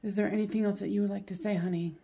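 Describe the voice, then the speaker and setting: Acting as a psychic medium in a solo reading, a woman halts and repeats phrases, soothing and coaxing along the way. Her medium-pitched voice is steady, creaky and dark.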